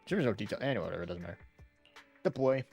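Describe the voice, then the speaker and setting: A man streams a story game, reading the narration aloud and chatting casually between lines. He is quick to laugh, and faint music plays behind him. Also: fairly low pitch, animated, vocal fry, a little mellow, lo-fi sound. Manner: chatty, giggly. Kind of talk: casual let's-play commentary and reading narration.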